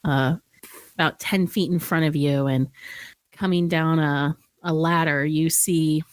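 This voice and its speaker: A woman's voice: low voice, fairly even intonation, measured pace, no echo. A woman narrating a tabletop role-playing game as game master, casual and descriptive, laughing easily.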